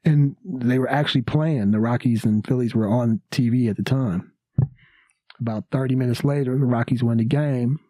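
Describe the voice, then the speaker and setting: A man's voice: medium pitch, normal speed, mellow, no room sound. A man, a comedian and podcast guest, telling a story casually with lots of fillers and acted-out quotes. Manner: anecdotal, many fillers, acts out quotes. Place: podcast studio.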